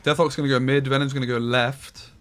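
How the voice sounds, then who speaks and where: A man giving casual gameplay commentary on a stream, swearing freely and quick to get frustrated. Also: medium pitch, level tone, a bit bright, smooth, soft background music.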